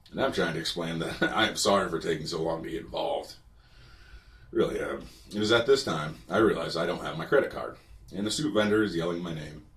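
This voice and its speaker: A man narrating a personal story with wry, dry humor, recorded a bit away from the mic. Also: sits low. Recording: distant from the mic.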